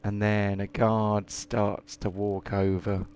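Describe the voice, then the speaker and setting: A man's voice: on the low side, little pitch movement, slow pace, darkish tone, a little hiss or hum. A man running a tabletop game as game master, chatty and full of hesitant fillers. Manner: chatty, hesitant, lots of ums. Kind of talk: casual tabletop game narration.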